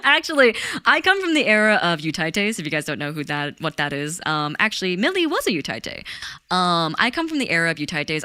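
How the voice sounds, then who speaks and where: A woman's voice: on the low side, bright, forceful tone, clear, resonant tone, no echo, studio quality. A woman streaming live, chatting casually with her chat, giggly and talkative. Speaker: VTuber streamer.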